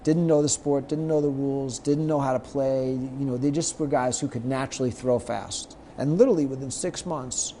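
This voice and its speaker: A middle-aged man, a guest on an interview show, telling anecdotes lively and acting out the lines of the people in them. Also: mid-range voice, normal speed, hardly any pauses, slight background noise. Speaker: guest, sports marketer. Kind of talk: storytelling in a podcast interview.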